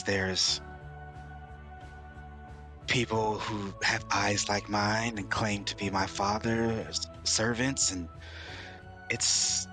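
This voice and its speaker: A man's voice: on the low side, sharp tone, heavily acted. A man voicing a weary adventurer who is being hunted, speaking hesitantly and politely.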